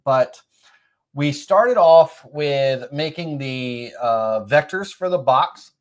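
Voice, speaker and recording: A man's voice: mid-range voice, expressive, takes it slowly. A middle-aged man with a slight cold hosting a live woodworking tutorial stream, rambling with many fillers and self-corrections. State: has a cold, occasional coughs.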